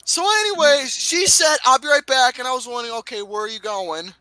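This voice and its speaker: A man telling a story in a casual chat, profane and animated. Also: very high voice, a little fast, dry recording, rough recording. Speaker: co-host.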